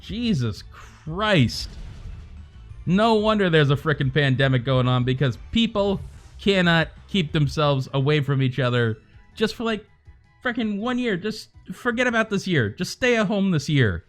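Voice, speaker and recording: A man streaming from home in loose, off-the-cuff chat, his voice sitting a little higher than most men's. He rambles, swears freely and slides between jokes and rants. Faint music plays quietly behind him. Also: very animated, unhurried. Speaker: livestreamer. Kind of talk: casual livestream chat.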